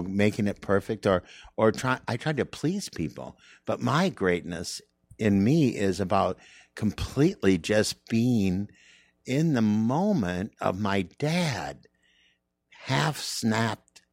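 A stand-up comedian being interviewed, talking in an earnest, reflective, rambling way. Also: male voice, fairly low pitch, no room sound, studio quality. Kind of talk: candid interview conversation.

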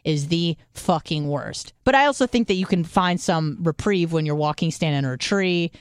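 A woman with a somewhat low voice talks casually as a podcast co-host. She swears freely and thinks aloud, restarting her sentences as she goes. The sound is dry and close, with no room around it. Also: animated, normal speed, clear, resonant tone, no echo. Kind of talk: casual chat.

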